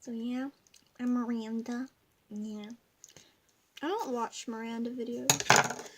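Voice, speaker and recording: A woman's voice: on the high side, steady tone, takes it slowly, background noise. A young woman at home giving a rambling, giggly craft tutorial that keeps drifting off topic. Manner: rambling, giggly, easily sidetracked. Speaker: craft video maker.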